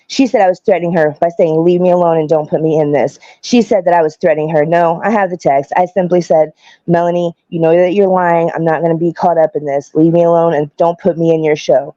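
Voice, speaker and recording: A woman speaking in a blunt, confrontational way, swearing freely as she makes her case. Her voice sits at a middle pitch and sounds dry and close. The stream audio is dull and lo-fi. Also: warm tone, no room sound. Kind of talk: heated casual argument.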